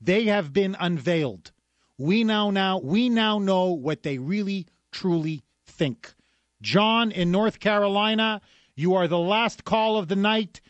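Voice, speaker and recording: Combative high-voiced radio host. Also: male voice, unhurried, dry recording, dull audio. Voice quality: emphatic, combative, repetitive. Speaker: radio talk show guest host. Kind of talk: opinionated talk radio monologue. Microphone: studio microphone.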